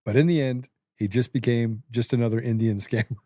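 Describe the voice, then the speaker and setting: A man's voice: medium pitch, steady tone, a little fast, mellow, no echo, studio quality. A man co-hosting a casual political chat, joking, laughing often and stumbling over restarts. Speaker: podcast co-host.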